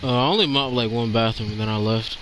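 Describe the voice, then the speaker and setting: A young man in casual chat, recounting a shift at work in a slow, drawn-out way. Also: medium pitch, a bit bright, slight background noise, poor audio.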